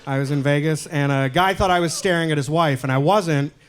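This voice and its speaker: A male stand-up comedian from Canada doing a set in a comedy club, deadpan and self-deprecating, with loud punchlines. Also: a little high, fairly quick, clear, resonant tone.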